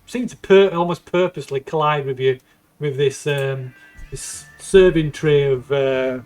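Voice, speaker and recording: A man narrating a tabletop role-playing game as game master, halting often to restart his sentences. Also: a little high, a little mellow, soft background music. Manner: halting, full of ums and restarts.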